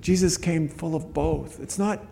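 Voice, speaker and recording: A man's voice: fairly high pitch, unhurried, vocal fry, mellow, in a large hall. A man preaching a sermon as a pastor, earnest and conversational, often restarting his phrases.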